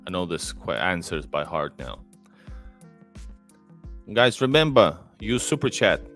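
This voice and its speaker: Livestream host, male, deep low voice, rambling casual delivery, faint music bed. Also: big pitch swings, measured pace, fairly bright tone. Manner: rambling, many fillers and restarts. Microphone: close desk mic.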